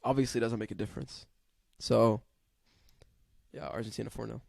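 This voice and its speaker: A man's voice: mid-range voice, steady tone, fairly quick, creaky, darkish tone, dry recording, clean studio sound. A young man co-hosting a casual sports podcast, laid-back and slangy. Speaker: podcast co-host. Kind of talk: casual chat.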